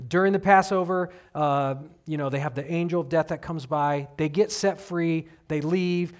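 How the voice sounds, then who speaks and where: A man preaching a sermon, telling a story with lively acted-out quotes and casual asides. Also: fairly high pitch. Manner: animated storytelling, acting out quoted voices. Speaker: pastor.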